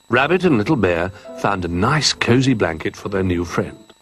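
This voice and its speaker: A man reading a children's picture-book story aloud in an expressive, animated way. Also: lowish voice, moderate pace, hardly any pauses, slightly rough.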